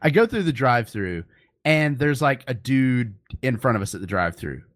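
A man's voice: medium pitch, moderate pace. Middle-aged guy ranting through a funny story, voice swinging all over, cusses a lot. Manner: animated, exasperated, swears freely. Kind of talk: comedic storytelling.

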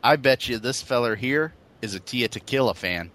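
A man's voice: mid-range voice, expressive, normal speed, fairly bright tone, soft background music. Guy cracking crude jokes, lots of laughing, voice swings up and down. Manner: crude, joking, laughs often. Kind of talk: casual comedy podcast banter.

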